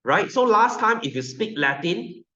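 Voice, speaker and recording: A man's voice: sits high, big pitch swings, measured pace, bright, forceful tone. A male science teacher with a Malaysian English accent giving a classroom lecture, joking and constantly quizzing his students. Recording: roomy, dull sound.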